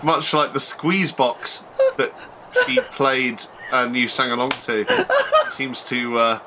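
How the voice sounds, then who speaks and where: A man narrating as game master of a tabletop horror game, descriptive and halting with fillers. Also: mid-range voice, huge pitch swings, heavy background noise.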